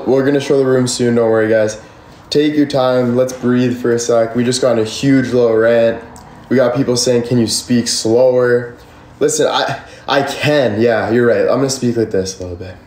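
A young livestream host with a medium-pitched, darkish voice rambles passionately, swearing a lot and answering chat. He's in an indoor room, picked up by a phone or camera at a distance, so the sound is reverberant.

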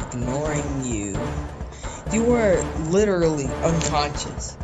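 A gamer voicing a cold, commanding fire champion from a video game, dismissive in tone, with loud game music behind. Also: mid-range voice, very animated, slow pace. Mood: haughty.

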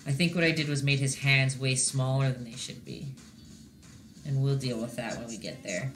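A painting instructor with a very deep female voice leads a relaxed livestream lesson at normal speed over music. She's chatty and encouraging, checking in with her viewers often as she works.

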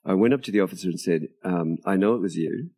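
An older Australian author, interviewed outdoors at a tropical home near a beach, tells stories in conversation with a dark, husky, low-pitched voice. He speaks fast and animatedly, acting out quoted dialogue and laughing often.

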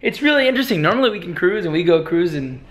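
A man's voice: high-pitched, fast talker. A young man chatting casually in a vlog, telling stories and acting out other people's voices. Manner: animated storyteller, acts out quoted voices. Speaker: vlogger.

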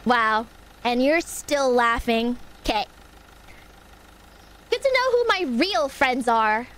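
A woman's voice: on the high side, animated, takes it slowly, fairly bright tone. A woman streamer chatting casually while gaming, playfully dramatic and indignant, talking to her chat and her cat.

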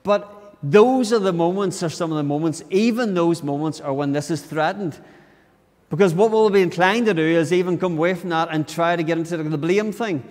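A man's voice: fairly high pitch, normal speed, darkish tone. A man with a Northern Irish accent preaching a conversational sermon in a church, earnest, often restarting his words. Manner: earnest, restarts words, acts out inner grumbles. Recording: long church reverb.

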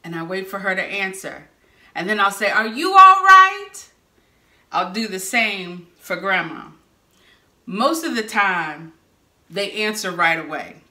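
Slow-spoken woman preacher, bright voice. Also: medium pitch. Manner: lively storytelling with bursts of shouting. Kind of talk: sermon. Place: church sanctuary or hall. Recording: echoey room.

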